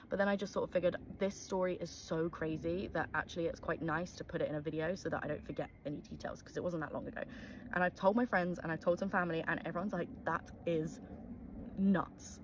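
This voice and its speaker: A young woman tells a spooky true story in a loose, chatty storytime monologue, dropping "um" and "like" throughout. Her voice sits on the lower side. A faint hum runs underneath. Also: rough recording. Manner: chatty, lots of fillers like "um" and "like".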